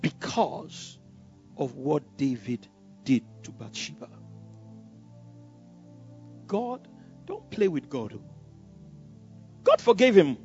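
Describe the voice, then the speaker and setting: A male pastor preaching an emphatic, animated sermon, laughing often. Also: fairly high pitch, takes it slowly, pauses often, lo-fi sound, faint music behind.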